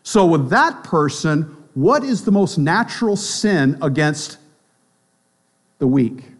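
A man's voice: on the high side, very animated, slow pace. A man preaching a sermon in a conversational way, often checking in with the listeners and acting out the voices of people he quotes. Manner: conversational preaching with frequent tag questions; acts out quoted voices of both sides. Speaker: pastor.

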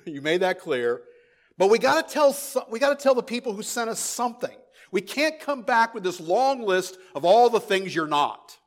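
A pastor preaching a sermon, emphatic, repeating key phrases and dropping into quiet asides. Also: male voice, sits high, sing-song, normal speed.

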